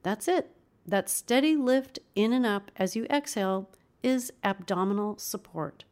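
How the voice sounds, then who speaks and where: A woman's voice: mid-range voice, lively intonation, measured pace, darkish tone. A woman teaching a voice lesson, coaching listeners through vocal exercises in an upbeat, demonstrative way. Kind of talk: instructional video lesson.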